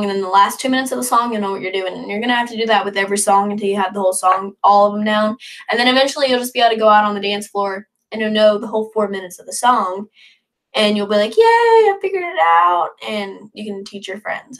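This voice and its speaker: A woman's voice: medium pitch, fairly bright tone. A young woman in her late teens hosting a casual livestream, reading viewer comments aloud and rambling in an upbeat, chatty way. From northern United States. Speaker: livestream host.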